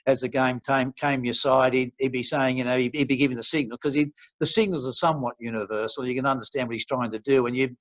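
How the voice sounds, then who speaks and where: A man's voice: medium pitch, steady tone, quick pace, fairly bright tone, no room sound. Older Australian man telling old stories. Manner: rambling, chuckling, many restarts. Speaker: retired referee, interview guest. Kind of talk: relaxed storytelling in an interview. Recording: dull, dry lo-fi recording.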